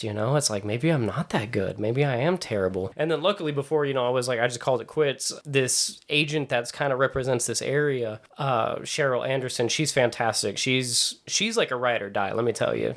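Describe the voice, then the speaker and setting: A young man from Texas, an actor being interviewed, chatting casually and acting out what people said to him, laughing often. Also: mid-range voice. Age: young adult. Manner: animated, re-enacts quoted people, laughs often. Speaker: actor and writer, interview guest.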